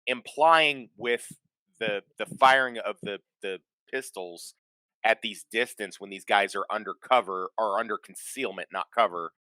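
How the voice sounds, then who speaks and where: A man co-hosting a casual chat, explaining things in a halting way with many restarts. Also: fairly low pitch, sharp tone, no room sound.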